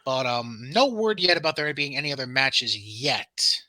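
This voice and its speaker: Brief: brassy, bright-toned male podcast co-host, pitch swinging all over, swears freely, dry close mic. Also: moderate pace, dry recording. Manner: profane, teasing, lively storyteller. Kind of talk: casual wrestling podcast chat.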